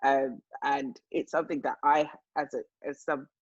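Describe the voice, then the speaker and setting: A young woman talks through her thoughts on a video call panel, pausing often with fillers. Her voice is husky. The audio is dry and dull, like a muffled call. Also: very deep voice, fairly even intonation, no echo. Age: young adult. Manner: reflective, thinks aloud with many fillers. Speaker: panel speaker. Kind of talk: casual panel talk.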